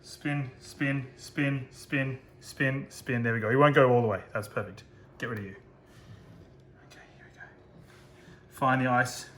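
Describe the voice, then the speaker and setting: A man's voice: medium pitch, steady tone, normal speed, fairly bright tone, roomy sound. A man giving a casual cooking demonstration, chatty and self-deprecating, joking about his own slips.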